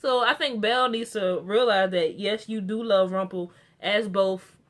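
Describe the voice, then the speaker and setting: A woman's voice: medium pitch, unhurried. A young woman recapping a TV episode in a casual, rambling way, full of restarts and fillers. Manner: gets excited and animated about the characters. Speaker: TV show reviewer.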